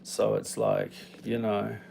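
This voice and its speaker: Casting note: male live-stream host, unhurried, gravelly, meandering and playful. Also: lowish voice, monotone, noisy background. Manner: rambling, self-interrupting, playful. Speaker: livestream host. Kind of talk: casual live stream chat.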